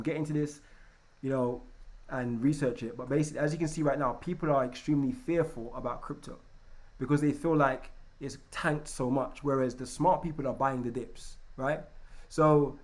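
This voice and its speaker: Energetic man coaching a trading lesson. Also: medium pitch, normal speed. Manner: energetic, keeps checking in with "right?"; repeats and restarts words. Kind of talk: live online trading lesson.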